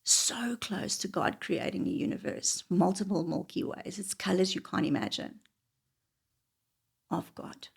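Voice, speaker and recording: Woman, forties, gravelly husky voice, wry confessional storytelling, whispered asides. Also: mid-range voice, measured pace.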